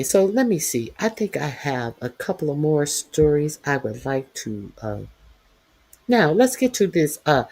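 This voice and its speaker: A livestream host giving news commentary in a taunting, profane way, filling pauses with constant "uh"s. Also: mid-range voice, darkish tone. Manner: profane, taunting, heavy "uh" fillers. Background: reading chat comments.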